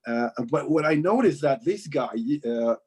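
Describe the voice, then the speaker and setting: A Mexican man, a musician and composer, speaking English with a faintly British lilt as a guest in a casual interview, relaxed and hesitant. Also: on the high side, normal speed, breathy edge. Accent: slightly British-sounding English. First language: Spanish. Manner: relaxed, hesitant with many fillers.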